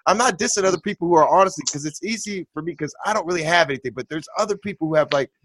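A man co-hosting a casual podcast chat, telling stories with lively acted-out quotes. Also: on the high side, very fast, dry recording. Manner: animated storyteller, acts out quotes loudly. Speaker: podcast co-host.

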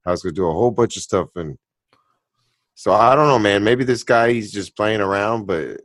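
A man's voice: lowish voice, brisk, no echo. A man co-hosting a casual chat, reacting to a video in a ranting, profane way. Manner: ranting, profane, rising to loud outbursts.

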